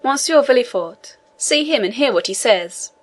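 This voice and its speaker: A woman's voice: on the high side, animated, moderate pace, voice pushed up. A woman voicing a young male sailor held in prison, earnest and imploring in a storybook reading. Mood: pleading.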